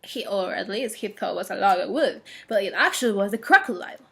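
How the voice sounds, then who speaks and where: A woman's voice: mid-range voice, expressive, fast, creaky, fairly bright tone. A woman casually retelling a children's story, hesitant, with many fillers and restarts.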